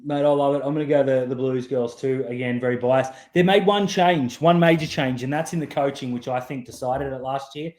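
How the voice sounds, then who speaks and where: A man's voice: medium pitch, fairly even intonation, fairly quick, hardly any pauses, a little mellow, echoey room. An Australian man hosting a rugby league podcast, ranting with strong opinions in casual chat. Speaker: podcast host.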